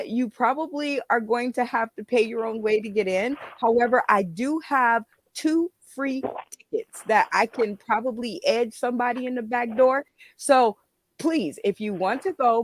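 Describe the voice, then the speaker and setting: Woman, host, upbeat, playful hype, a bit high, dry close sound. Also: dry recording. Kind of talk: lively show announcements. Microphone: video call.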